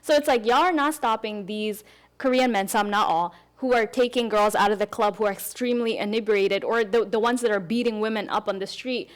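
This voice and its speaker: A young adult woman hosting a casual podcast chat, telling stories with lively acted-out dialogue. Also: mid-range voice, brisk. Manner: animated storyteller, acts out quoted dialogue. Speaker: podcast host.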